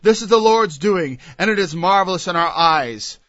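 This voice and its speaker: Man, preacher, sermon, high voice, reads scripture then explains it, dry close sound, dull lo-fi recording. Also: expressive, moderate pace, a bit bright, no room sound.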